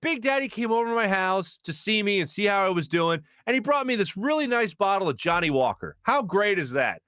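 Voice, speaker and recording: A man's voice: high-pitched, very animated, a little fast, fairly bright tone, clear, resonant tone, no room sound, studio quality, pitched above the performer's own voice. A man imitating a chatty, cheerful male radio host who is telling a friend some news. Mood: pleased.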